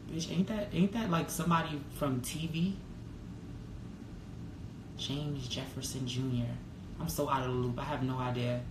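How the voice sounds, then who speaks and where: A man talking casually on a live stream, candid and full of swearing, reading out viewer comments and jumping to a high pitch when excited. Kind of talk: casual livestream chat. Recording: roomy echo with faint background noise.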